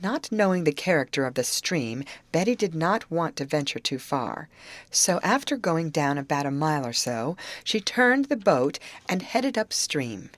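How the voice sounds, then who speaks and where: A woman narrating an audiobook aloud, voicing the characters' lines with higher pitch. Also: moderate pace, dry recording. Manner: lively reading, raises pitch for the girls' lines. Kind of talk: scripted narration.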